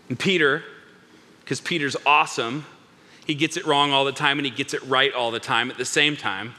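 A man preaching a sermon in an animated way, acting out the figures in the story with big swings in his voice. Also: fairly high pitch, a little fast, long reverb tail. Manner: animated, acts out biblical characters with big voice swings. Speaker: pastor.

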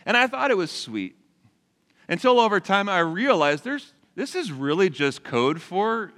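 A male pastor in his forties preaches to a live congregation, his pitch rising and falling with animated, expressive range. He talks conversationally and keeps turning to the crowd with questions. His voice carries a long reverb from the large church hall. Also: measured pace. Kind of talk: sermon.

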